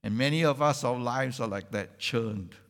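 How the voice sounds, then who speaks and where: A man preaching a sermon in an animated way, putting questions to the congregation. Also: medium pitch, normal speed. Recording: long hall reverb.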